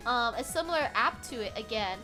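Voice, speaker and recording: Bright, high-voiced woman streamer. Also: a little fast, faint music behind. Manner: animated, laughs often, swears freely. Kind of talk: casual chat.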